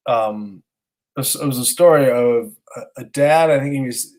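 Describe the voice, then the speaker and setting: Thirtysomething dad telling a rambling story. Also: male voice, medium pitch, moderate pace, rough recording. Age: 30s. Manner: rambling, animated storytelling with casual swearing. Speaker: podcast co-host. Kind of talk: casual storytelling chat.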